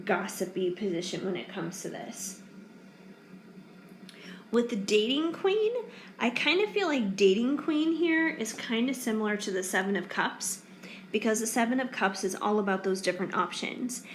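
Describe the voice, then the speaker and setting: A woman's voice: mid-range voice, slight background noise. A woman giving a casual pick-a-card tarot reading, chatty and reassuring with lots of fillers, sounding tired late in the day. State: tired, yawning. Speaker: tarot reader. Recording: echoey room with faint ambience.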